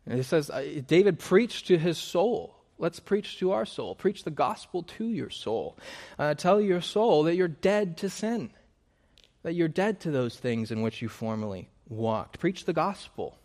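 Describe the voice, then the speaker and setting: A man's voice: fairly high pitch, big pitch swings, measured pace, a little mellow, in a large hall. A man preaching a sermon in an earnest, emphatic way, hammering points through repetition and correcting himself mid-sentence.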